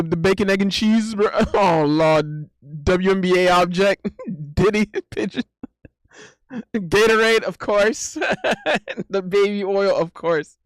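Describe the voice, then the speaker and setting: A man's voice: sits high, a little slow, dry recording, clean studio sound. A man streaming live, bantering casually with his chat, often exclaiming in disbelief and breaking into laughter.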